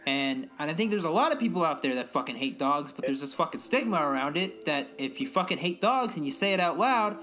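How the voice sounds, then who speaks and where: A young man in casual profane chat, ranting and mimicking other people in high voices. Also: expressive, a little fast, hardly any pauses, bright, forceful tone.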